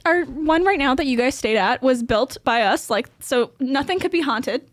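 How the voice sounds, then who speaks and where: A young woman chats casually on a podcast in a relaxed, easygoing way. Her voice is quite high, and it is recorded dry and close to the mic. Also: normal speed, no room sound. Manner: relaxed, laughs easily. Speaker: podcast co-host. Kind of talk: casual chat.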